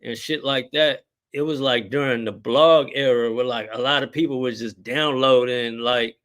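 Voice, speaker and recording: Laid-back middle-aged rapper, rambling. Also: male voice, medium pitch, steady tone, normal speed, fairly bright tone. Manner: laid-back, rambling, heavy on filler words and slang. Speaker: rapper guest. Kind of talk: casual podcast interview.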